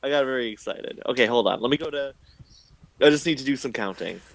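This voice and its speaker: A man co-hosting a livestream read-along, excitable, quick to laugh and easily sidetracked. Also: medium pitch, creaky, poor audio. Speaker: livestream co-host reading aloud. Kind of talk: casual chat and read-aloud.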